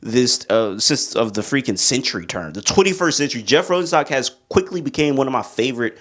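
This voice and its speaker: A man ranking his favorite albums in a casual vlog, excitable and rambling, full of slang. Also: mid-range voice, fairly quick. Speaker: music reviewer.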